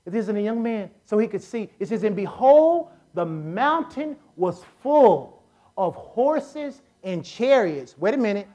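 A woman preacher with a Southern American accent, delivering a lively sermon, acting out Bible characters and rising to shouts. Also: medium pitch, a little slow. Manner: animated, acts out Bible characters, shouts at peaks.

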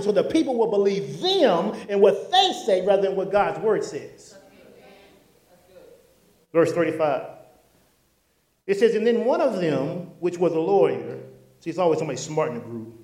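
A male pastor preaching a sermon, animated, throwing call-and-response questions to the congregation. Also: sits high. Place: church sanctuary. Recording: echoey church hall.

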